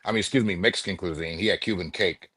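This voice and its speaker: Laid-back slangy man, low voice. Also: fast, bright, forceful tone, husky, no room sound, clean studio sound. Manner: laid-back slangy talk, says bro and man a lot. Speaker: podcast guest. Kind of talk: casual chat.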